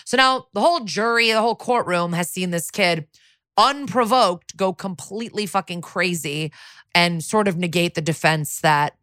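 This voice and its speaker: A woman with a slightly low voice co-hosts a chatty podcast, recapping a TV plot with lively, profane asides. She acts out the characters' lines as she goes, and the recording is close and dry. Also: normal speed, no room sound. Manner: animated, swearing, acts out quotes. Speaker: podcast co-host. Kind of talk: casual recap of a TV episode.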